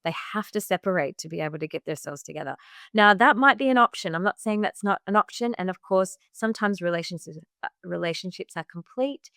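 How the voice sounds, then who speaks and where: A woman's voice: on the low side, animated, a little fast, vocal fry, a bit bright, no room sound, clean studio sound. A woman podcast guest, a women's health coach, telling her personal story in earnest and acting out what she once said, with many "like" fillers. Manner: earnest, acts out her own past remarks in quotes; frequent "like" fillers.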